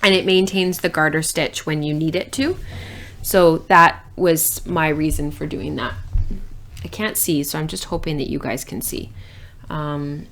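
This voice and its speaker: Low-voiced woman chatting about her knitting. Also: fairly even intonation, a little slow, a bit bright, slight background noise. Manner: chatty, many ums and restarts, enthusiastic. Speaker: knitting podcast host. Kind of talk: casual show-and-tell chat.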